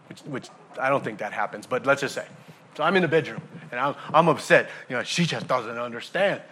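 A man preaching a sermon to a congregation, animated, throwing rhetorical questions and acting out everyday scenes. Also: mid-range voice, slight background noise. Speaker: pastor.

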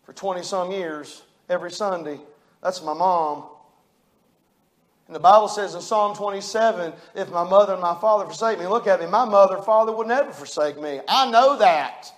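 A middle-aged pastor preaching with a high, ringing voice. He talks in a folksy, plain-spoken way and swings between quiet, close passages and loud, fervent peaks. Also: normal speed. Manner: preaches with rising fervor, folksy and emphatic. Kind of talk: sermon.

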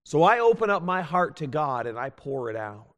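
A man preaching a sermon as a pastor, earnest and pleading, swinging from loud appeals to hushed tones. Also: a little high, very animated, normal speed. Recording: long hall reverb.

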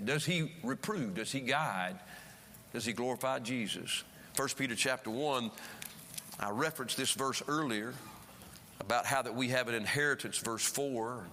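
A man preaching a sermon, swinging between emphatic rises and quiet drops as he speaks. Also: mid-range voice, a little hiss or hum. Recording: preaching in a reverberant church hall.

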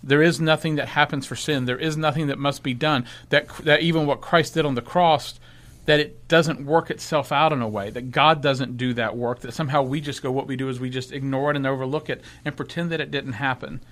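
A man's voice: mid-range voice, steady tone, fairly quick, a bit bright. A man co-hosting a church discussion podcast, thinking aloud and restarting his sentences as he searches for words. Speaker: podcast co-host.

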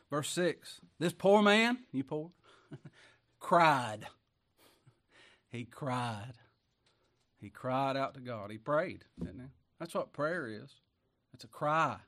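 A man preaching a sermon, reading scripture and breaking in with folksy, emphatic asides and rhetorical questions to the congregation. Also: mid-range voice.

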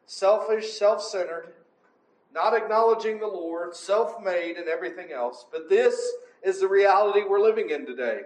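A man's voice: high-pitched, moderate pace. A man preaching in a conversational Bible teaching style, emphatic and often asking for agreement. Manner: emphatic, asks for agreement with "right?" and "amen?". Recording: roomy echo.

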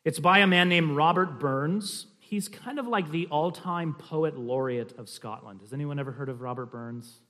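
A man's voice: fairly high pitch, normal speed, few pauses, fairly bright tone. Chatty man teaching a church class. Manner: conversational and explanatory, with many restarts and fillers.

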